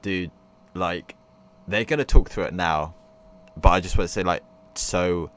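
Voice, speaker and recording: A man's voice: deep voice, unhurried. A young man live-streaming a visual novel, rambling casually with lots of fillers and the odd swear. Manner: rambling, filler-heavy, swears, laughs loudly. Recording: noisy stream audio with hum.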